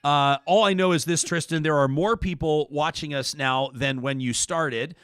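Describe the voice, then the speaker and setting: A man's voice: on the high side, moderate pace, a bit bright, clean tone, no echo. A male talk show host with a slightly raised voice who rambles and jokes his way through casual chat. He keeps interrupting himself and circling back. His voice sits close and dry on the mic. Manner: rambling, self-interrupting, jokey.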